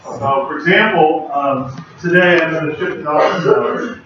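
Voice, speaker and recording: A man's voice: a little high, normal speed, fairly bright tone. Casual male lecturer in an echoey hall. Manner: casual, conversational, chatty with asides. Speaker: university lecturer. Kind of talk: classroom lecture. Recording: very echoey hall, voice far from the mic, dull lo-fi sound, faint background hum.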